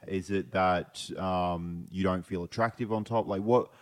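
A man talking as a podcast guest in casual chat, hesitant and halting as he searches for words. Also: sits low, steady tone. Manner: hesitant, full of fillers and restarts.

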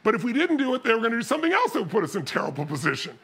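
A man giving a motivational seminar talk, telling stories with animated energy and bursts of shouting. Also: very high-pitched, rapid-fire, vocal fry, slightly rough. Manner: animated storytelling, shouting and mimicking others. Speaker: motivational speaker.

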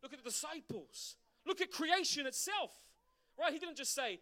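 A middle-aged pastor preaches a sermon in an extremely high voice at normal speed. He's animated, putting rhetorical questions to his congregation.

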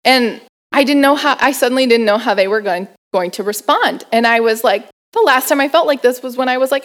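A woman telling a personal story in an interview, animated, laughing often and using lots of fillers. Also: on the high side, a little fast. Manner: acts out family members' voices. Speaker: guest performer.

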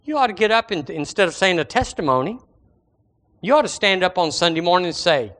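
A man's voice: high voice, lively intonation, fairly quick, fairly bright tone. Male pastor, preaching and acting out quoted voices. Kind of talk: sermon.

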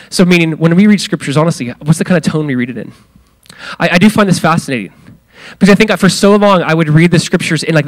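A man preaching with a slightly higher-pitched voice, talking loosely and casually. He fills his talk with "like" and jumps up and down in pitch when he acts out the quoted lines. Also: fairly bright tone. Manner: conversational, many fillers, acts out quoted lines with big pitch swings. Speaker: pastor. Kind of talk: sermon.

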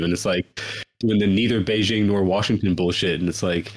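A man co-hosting a casual political podcast, telling a story in a profane, animated way. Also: sits low, fairly quick. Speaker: podcast co-host.

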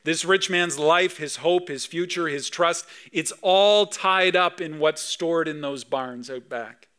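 This sermon comes slowly and in a clean tone from a Canadian pastor in his thirties with a high, bright voice. He speaks like he's telling a story in conversation, becoming animated at important moments.

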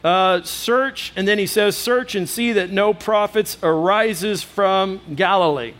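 A man preaching a sermon, conversational, acting out quotes in other voices and turning to the listeners with lively asides. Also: high voice, takes it slowly. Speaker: pastor.

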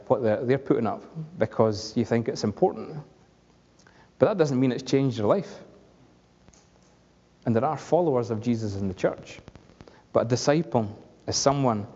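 A man's voice: mid-range voice, warm tone. A man preaching a conversational sermon, asking the congregation questions along the way. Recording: dull lo-fi recording with long hall reverb.

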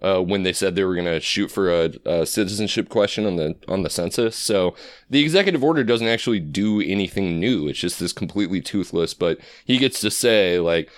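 Podcast host, man, low voice, dry close sound, casual political chat, laughs a lot. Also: fairly quick, no room sound. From Iowa. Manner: laughing often, loose and joking.

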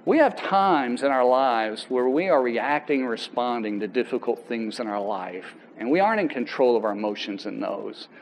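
A man, a pastor, giving a sermon and telling a personal story in a conversational way, with halting restarts and voices for people he quotes. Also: medium pitch, lively intonation, a little hiss or hum, rough recording.

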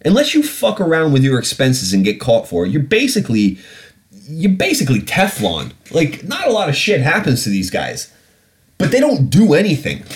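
A man's voice: fairly high pitch, huge pitch swings, moderate pace. British guy ranting on a podcast, swears a lot, voice swings up and down all over. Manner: blunt, profane, heated. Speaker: podcast host. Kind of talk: casual ranting commentary.

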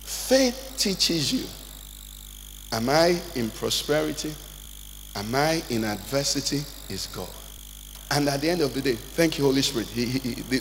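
A Nigerian man, a pastor, preaching a sermon, swinging between loud, high calls and low, quiet asides. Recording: church hall reverb, faint noise.

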